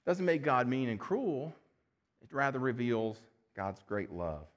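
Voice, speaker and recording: A pastor preaching an earnest sermon, reading scripture and asking rhetorical questions. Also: male voice, medium pitch, very animated, a little slow. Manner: earnest, rhetorical questions, addresses listeners as friends.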